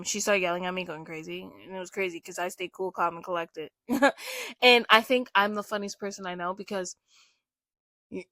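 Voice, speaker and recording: A young adult woman casually telling stories in an animated, emphatic way, with lots of "like". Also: medium pitch, no echo, clean studio sound. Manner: animated, emphatic, heavy use of "like". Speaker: vlogger. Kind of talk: casual storytelling.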